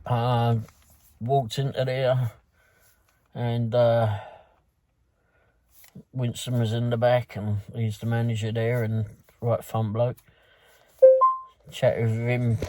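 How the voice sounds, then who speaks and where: With a medium-pitched, warm voice and a London accent, a delivery driver from London casually goes over his night of work. He rambles loosely, stumbling through fillers and restarts.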